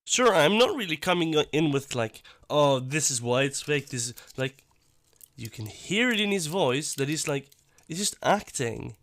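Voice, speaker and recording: A man giving blunt, profane reaction commentary, talking in an animated and dismissive way. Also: on the high side, normal speed, no room sound. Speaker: YouTube commentator.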